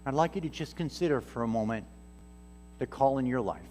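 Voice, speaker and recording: A man's voice: mid-range voice, a little fast. Male preacher telling stories in a hall. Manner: animated storyteller, voices the people in his stories. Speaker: guest preacher, missionary. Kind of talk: storytelling sermon. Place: church sanctuary. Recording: reverberant church hall with soft music.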